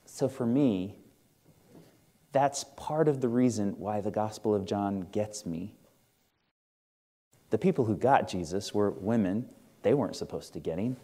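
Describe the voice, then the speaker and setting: Male pastor w/ a slight midwestern accent, warm mellow voice, chatty earnest sermon in a church. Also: fairly low pitch. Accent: Midwestern American. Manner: earnest, conversational preaching with rhetorical questions to the congregation. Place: church sanctuary.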